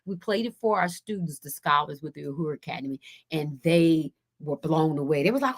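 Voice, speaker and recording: Woman, radio guest, animated storyteller, rambling, jumps high to act out quoted voices. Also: normal speed. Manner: rambling with frequent restarts. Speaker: radio show guest, school co-founder. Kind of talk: casual storytelling interview.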